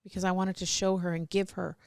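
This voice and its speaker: A woman's voice: lowish voice, little pitch movement, fast talker, vocal fry, smooth, dry recording, studio quality. A middle-aged woman telling candid personal stories as a podcast guest, rambling with restarts and laughs.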